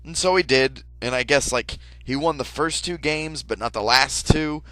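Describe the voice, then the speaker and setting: A young man spins a tall comic tale in a laid-back, deadpan delivery, full of casual swearing and filler words. His voice is mid-pitched and recorded dry and close. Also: moderate pace, no room sound, low-quality recording. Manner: casual, deadpan, profane, lots of "like". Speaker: storyteller. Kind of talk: comic absurd storytelling.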